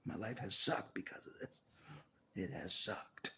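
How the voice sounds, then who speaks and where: A man's voice: low-pitched, lively intonation, a little slow, sharp tone, breathy edge. A man talking on his own about faith, half-whispering and laughing often as he rambles in a restless, searching way. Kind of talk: rambling spiritual monologue.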